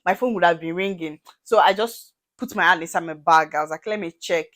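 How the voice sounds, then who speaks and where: Fairly quick and fairly low-pitched, this young Nigerian vlogger speaks with a Nigerian accent. Her storytime is lively, as she performs each person's dialogue in changing voices.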